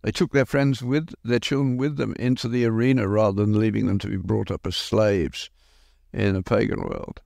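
A man's voice: lowish voice, steady tone, moderate pace, vocal fry, darkish tone, no room sound, clean studio sound. An older man giving a reflective podcast talk, telling wry, anecdotal stories. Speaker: podcast speaker.

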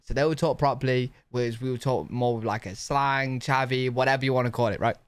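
A man's voice: mid-range voice, steady tone, fairly quick, smooth, no echo. A British man hosting a reaction video, chatting casually, thinking aloud and laughing often. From United Kingdom.

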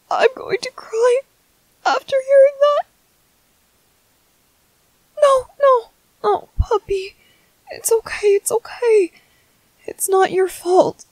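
A woman voicing a tender young man comforting his partner in a whispered role-play, speaking softly, slowly and reassuringly. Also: very high-pitched, no room sound, heavily acted, rough recording. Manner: soft, slow, reassuring.

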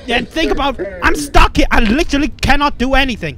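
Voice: high-pitched, brisk, few pauses, music in the background. A gamer giving frantic, panicky commentary on a horror game, swearing constantly. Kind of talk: let's play commentary.

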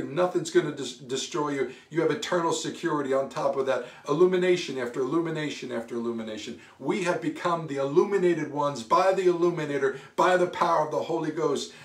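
Male pastor, fervent call-and-response preacher, higher voice, picked up from across a reverberant church. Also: distant mic. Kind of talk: sermon. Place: church sanctuary.

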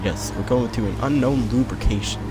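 A man chatting casually while playing a game, excitable and laughing, swearing freely at the chaos. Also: mid-range voice, fairly quick. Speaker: gamer. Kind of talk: casual gameplay banter. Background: background music.

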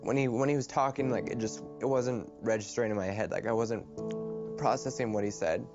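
A young man speaking in a documentary interview, recalling events quietly and haltingly with frequent restarts. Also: mid-range voice, music in the background. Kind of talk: documentary testimony. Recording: slightly muffled film audio.

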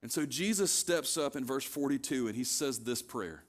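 A man's voice: medium pitch, lively intonation, moderate pace. A man preaching a conversational sermon as pastor, retelling scripture scenes casually and pressing his points with repetition.

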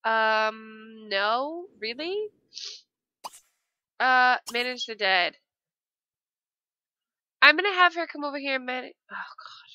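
A woman's voice: high-pitched, lively intonation, takes it slowly, pauses often, pushed and bright, no echo, dull audio. A woman giving casual, emotional commentary while playing a life-simulation game, with frequent dramatic exclamations. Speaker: let's play gamer.

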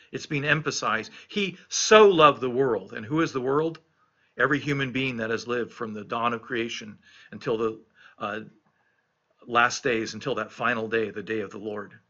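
A middle-aged man preaches a devotional reflection, earnest and emphatic, circling back to repeat his key phrases. His voice is very bright and forward, though the recording sounds dull and lo-fi. He is a pastor still recovering from an illness. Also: mid-range voice.

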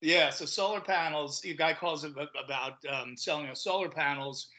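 A man's voice: fairly high pitch, normal speed, pushed and bright, rough recording. A man in casual podcast chat as a guest comedian, telling stories animatedly and acting out the quoted voices, often repeating words as he restarts.

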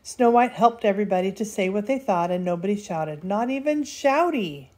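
A woman's voice: mid-range voice, moderate pace. Older woman reading a children's story. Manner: lively, expressive storytelling. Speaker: storybook reader.

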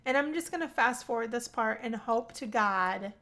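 Brief: young woman host, high voice, excitable let's-play commentary, quick to squeal and laugh. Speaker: gaming channel host.

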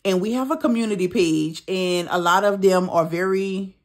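A woman recounts a personal story to her vlog audience in loose, casual chat. She is emphatic and animated, leaning hard on key words and dropping mild swears as she goes. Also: mid-range voice, normal speed. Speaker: budgeting channel host.

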